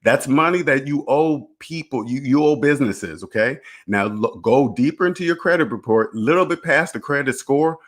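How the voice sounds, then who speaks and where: A finance channel host rants casually to camera, blunt and preachy, swearing freely, laughing briefly and firing off rhetorical questions. His medium-pitched voice is lively, at normal speed with hardly any pauses.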